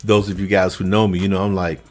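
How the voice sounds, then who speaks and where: A man, a vocal coach, telling a story to his viewers in a relaxed, conversational way and acting out what others said. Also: low-pitched, quick pace. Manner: lively anecdote telling, acts out the other people's lines; relaxed, conversational, with frequent fillers. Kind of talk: casual storytelling to camera.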